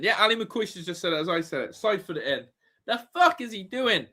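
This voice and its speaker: Excitable man hosting a football watch-along. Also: high-pitched, a little fast. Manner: excitable, swears, shouts at players. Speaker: fan watch-along host.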